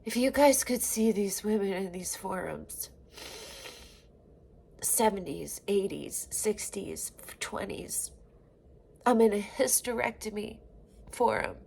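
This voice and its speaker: A woman in her forties vents in a personal video diary, raw and emotional, swearing often and cutting off mid-sentence. Her mid-range voice is animated, gravelly, husky and a little mellow, and her speech halts, restarts and trails off.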